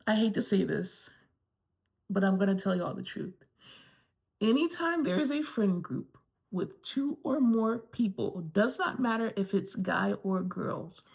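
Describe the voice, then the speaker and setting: A woman's voice: medium pitch, vocal fry, a little mellow. A woman from Florida giving a candid, gossipy recap of a TV episode and swearing casually along the way. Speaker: TV review vlogger.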